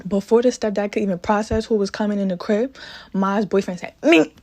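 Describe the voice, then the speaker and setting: A woman's voice: mid-range voice, steady tone, brisk, warm tone. A young woman telling a dramatic storytime in casual slang, acting out the quotes.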